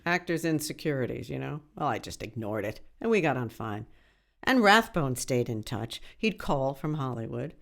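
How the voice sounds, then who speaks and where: A woman reading a memoir aloud in the first person, with an expressive, wry delivery. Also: extremely low pitch, normal speed, vocal fry.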